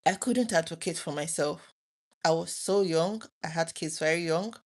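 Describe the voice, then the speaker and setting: A woman's voice: low-pitched, normal speed. A woman in her thirties, talking earnestly and emotionally to her viewers late at night, often restarting her sentences. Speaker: vlogger.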